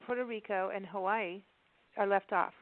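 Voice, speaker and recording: A woman's voice: mid-range voice, moderate pace, slight background noise. A woman hosting a radio show, chatting enthusiastically with her guest and laughing often. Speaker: radio host. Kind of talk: casual radio interview. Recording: tinny dry phone-like sound.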